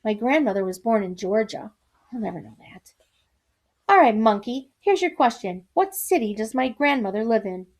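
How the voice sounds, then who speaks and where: A woman's voice: fairly high pitch, lively intonation, normal speed. A woman voicing a popular, scornful teen girl who taunts a classmate. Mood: taunting. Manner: sneering, taunting.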